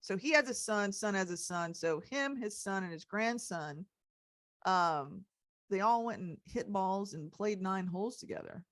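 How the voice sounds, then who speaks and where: A woman's voice: mid-range voice, lively intonation, unhurried, dry recording. A woman hosting a casual podcast chat, rambling with lots of "you know" and "um.". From Texas. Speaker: host.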